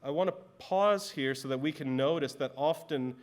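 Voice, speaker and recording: A man's voice: a little high, moderate pace. A man in his thirties, a pastor, preaching a sermon in a conversational way and telling personal stories.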